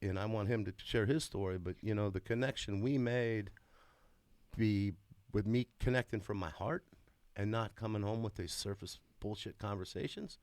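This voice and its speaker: A man in his forties giving a candid, emotional testimony about his marriage and family, swearing freely and swinging into excited bursts. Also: fairly low pitch, moderate pace, dry recording. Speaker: father sharing his story.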